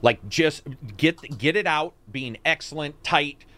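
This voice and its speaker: Male podcast host, animated and profane, casual gaming banter. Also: a little slow. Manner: swearing, animated, jumps pitch for mock quotes. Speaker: podcast host reading chat. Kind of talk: casual chat.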